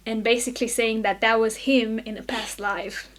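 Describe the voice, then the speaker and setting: A woman guest on a podcast, telling a story in animated casual chat, often laughing and filling with "like". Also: on the high side, moderate pace.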